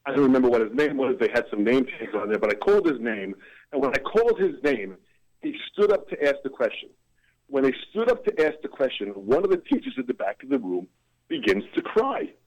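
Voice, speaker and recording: A man's voice: medium pitch, sing-song, brisk, darkish tone, poor audio. A man, a drummer and motivational speaker, telling a story as a guest in an ebullient, dramatic way. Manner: ebullient, dramatic vocal swings. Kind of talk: animated storytelling in an interview.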